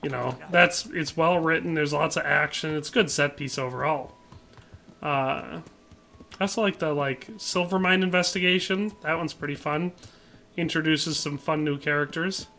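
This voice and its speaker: A man's voice: a little high, normal speed, gravelly, bright, forceful tone, faint music behind. A man streaming a game, talking casually and ranting in exasperation while reading chat aloud. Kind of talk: casual gameplay commentary.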